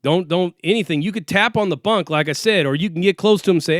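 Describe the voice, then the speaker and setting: Fast and high-pitched with a fairly bright tone, a man recounts his jail time in a streetwise, profane way, performing the quoted dialogue. It's studio quality with no room sound.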